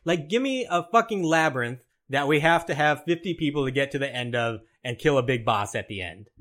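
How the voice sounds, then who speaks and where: A man's voice: medium pitch, lively intonation, fairly quick, fairly bright tone. A man co-hosting a casual gaming podcast, blunt and grumbling, swearing freely. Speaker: podcast co-host.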